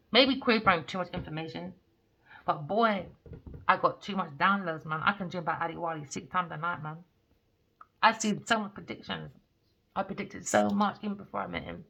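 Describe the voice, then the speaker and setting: A woman's voice: fairly low pitch, vocal fry, fairly bright tone, muffled recording, slight background noise. A woman giving a casual tarot reading, talking bluntly and animatedly and swearing freely. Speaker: tarot reader.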